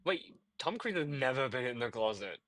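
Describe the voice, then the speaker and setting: A man's voice: medium pitch, very animated, normal speed, a bit bright. A man teasing and mocking the others in a casual online debate, laughing often.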